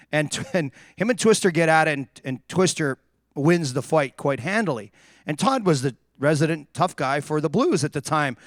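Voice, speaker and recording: A man, a former hockey player, telling animated stories on a live stream and acting out the people he quotes. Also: fairly high pitch, no room sound, clean studio sound. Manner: animated anecdotes, acts out quotes.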